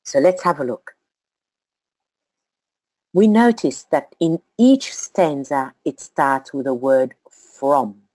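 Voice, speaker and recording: A woman giving a slow, deliberate study talk to a group, counting out syllables as she teaches. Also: deep voice, darkish tone, no room sound.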